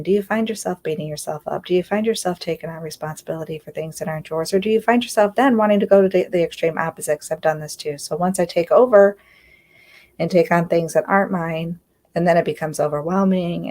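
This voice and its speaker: A woman's voice: lowish voice, darkish tone. A woman giving an earnest, confiding self-help talk on a live stream, often checking in with "right?". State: close to tears at times. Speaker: inner healing coach.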